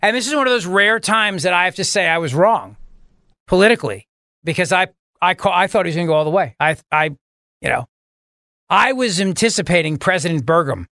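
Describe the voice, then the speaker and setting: A man's voice: high voice, lively intonation, a little fast, bright, forceful tone, dry recording. A man hosting a talk radio show, joking in a mock-melodramatic, self-deprecating way from a studio.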